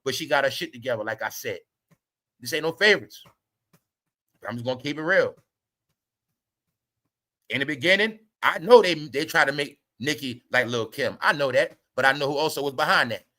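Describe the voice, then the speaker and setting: A man's voice: medium pitch, moderate pace, pauses often, pushed and bright. A man hosting a heated celebrity gossip commentary, swearing and repeating himself as he lectures his viewers. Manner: heated, swearing, repetitive and preachy. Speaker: commentary channel host.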